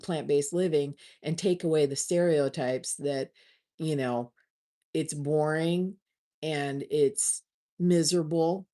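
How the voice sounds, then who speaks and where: A woman with a low voice hosts a casual livestream chat. She talks slowly and gushes, often starting a word twice before going on. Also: creaky, mellow. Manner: chatty, gushing, restarts often. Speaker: livestream host.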